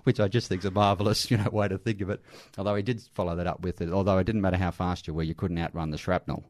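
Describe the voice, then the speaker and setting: A man's voice: low-pitched, fairly even intonation, rapid-fire, darkish tone. A middle-aged Australian man, an army veteran working in aged care, telling earnest stories in an interview with restarts. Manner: earnest, anecdotal, with frequent restarts and light laughs. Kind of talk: conversational interview storytelling.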